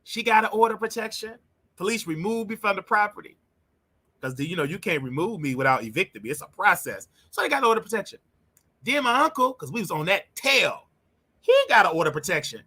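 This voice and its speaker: A man with a sharply bright voice relives a painful family story as a host talking straight to his listeners. He is emotional and animated, circling back over his words as he goes. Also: high-pitched, quick pace, breathy edge. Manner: emotional, animated, repeats himself. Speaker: show host. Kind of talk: personal storytelling monologue.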